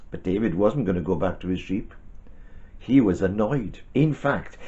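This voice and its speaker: A man telling a Bible story to a child in a gentle, animated way with chatty asides. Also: sits low, moderate pace, lo-fi sound.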